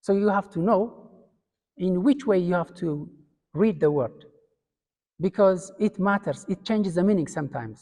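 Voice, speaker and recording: In a classroom, a man from Ethiopia lectures step by step, his accented speech dotted with fillers and false starts. His voice is high-pitched and slightly mellow, and the audio has a long hall reverb.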